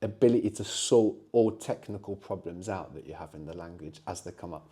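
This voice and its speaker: A man's voice: low-pitched, a little fast, dark tone, breathy edge. A middle-aged man teaching a language lesson, explaining patiently and often checking in with short tag questions.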